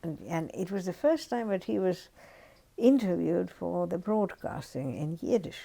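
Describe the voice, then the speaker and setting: An older woman telling anecdotes in an oral history interview, lively and given to dropping into hushed asides. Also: on the low side, a little slow, vocal fry. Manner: anecdotal, lively, drops to a near-whisper on asides. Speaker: interviewee recounting her career as a journalist.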